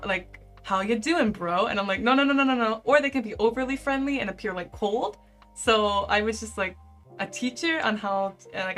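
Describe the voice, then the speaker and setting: A young woman in her twenties, a live-streamer, chatting casually and reading out viewer comments in an animated way. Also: mid-range voice. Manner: chatty and animated, heavy use of "like".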